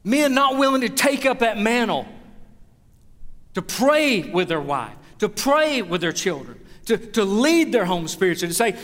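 A man's voice: sits high, very animated, moderate pace, fairly bright tone. A man, preaching a sermon as pastor, earnest and building to emphatic exhortation. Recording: long reverb of a large hall.

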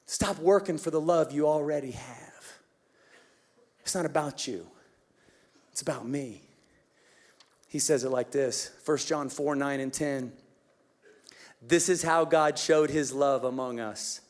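A man preaching a Christmas sermon as pastor, telling a story with lively, animated delivery that drops to hushed tenderness. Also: fairly high pitch, measured pace, long pauses.

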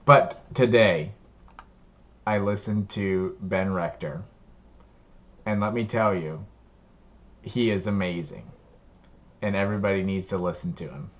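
A podcast co-host recommends music he likes, chatting casually and enthusiastically, rambling and laughing along the way. His voice is low with a fairly bright tone, and he speaks unhurriedly with frequent pauses.

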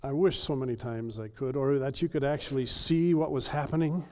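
A male pastor preaching an earnest sermon with emphatic delivery and dramatic pauses. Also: mid-range voice, steady tone, darkish tone.

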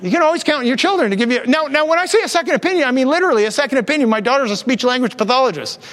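Speaking rapid-fire, a high-voiced pastor in his fifties fills his sermon with personal stories and lively energy. When he quotes someone, he puts on a voice. The church's long hall reverb lingers after his words.

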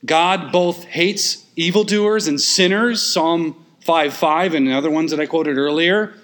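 A man preaches an expository sermon with emphasis, repeating key phrases and dropping in quick asides and sudden surges of force. His pitch is fairly high and a bit bright.

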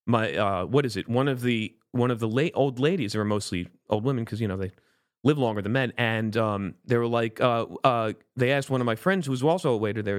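A man's voice: lowish voice, no room sound, studio quality. A young man from Florida in casual chat, talking emphatically and ranting with rising indignation. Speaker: conversation partner.

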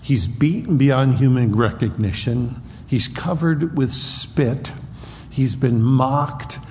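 A male preacher delivers a sermon at an unhurried pace. He speaks earnestly and at times acts out loud taunts from a crowd. His voice carries through a reverberant hall with faint ambient noise behind it. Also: mid-range voice.

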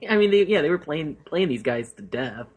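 A man co-hosting a podcast with wry, teasing questions. His voice is a little husky and swings up and down a lot. He keeps a loose, joking tone. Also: on the high side, very animated, fairly quick. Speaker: podcast co-host. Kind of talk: casual comedic chat.

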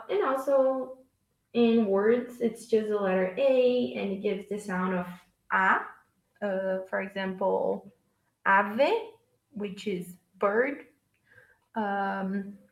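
Gravelly-voiced woman teaching pronunciation. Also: mid-range voice. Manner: patient, repeats words slowly for practice. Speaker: Portuguese teacher. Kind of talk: language lesson. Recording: echoey room.

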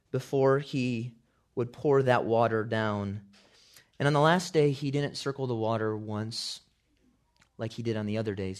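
A man preaching a sermon, building from calm storytelling to loud, shouted climaxes. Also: medium pitch. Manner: preaching with big swells, shouting quotes at climaxes. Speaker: pastor.

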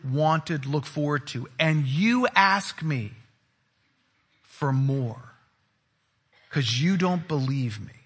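Male pastor, sermon, emphatic teaching, husky slightly high voice. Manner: expressive, emphatic Bible teaching with dramatic pauses.

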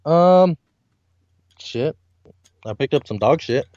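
A man in his twenties chats loosely on a podcast, laid-back and laughing easily. His voice sits slightly high and moves a lot. The recording is dull and lo-fi, dry and close. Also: expressive, takes it slowly, a little mellow, no echo. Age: 20s. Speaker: podcast co-host. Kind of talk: casual beer-drinking podcast banter.

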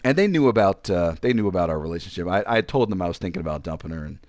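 A man from Virginia spins a rambling personal story, poking fun at himself and restarting his sentences as he goes. His voice sits low but swings widely in pitch. The sound is dry and close, with almost no room echo. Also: lively intonation, very fast, darkish tone. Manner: rambling, self-deprecating, frequent restarts. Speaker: podcast co-host. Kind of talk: casual storytelling chat.

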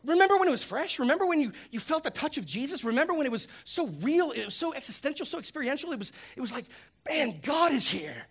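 A male pastor preaching a lively, humorous sermon, swinging between loud punchlines and hushed reflective lines. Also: very high voice, racing, few pauses. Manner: animated, humorous, acts out voices.

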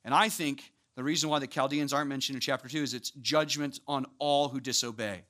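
A man preaching a sermon, walking through scripture with lively, casual asides and acted-out voices. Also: medium pitch, brisk, hardly any pauses. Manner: animated, acts out voices of biblical figures with casual asides.

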